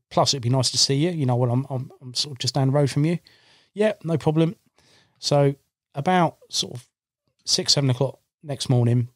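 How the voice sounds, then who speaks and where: A man recounts a fishing trip in a podcast studio, talking casually and acting out what he said at the time. His voice sits at an ordinary middle pitch. The sound is dry and close, with no room echo. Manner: animated anecdote-telling, acts out his own past lines. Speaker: podcast guest, carp angler. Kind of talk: casual storytelling. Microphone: studio microphone.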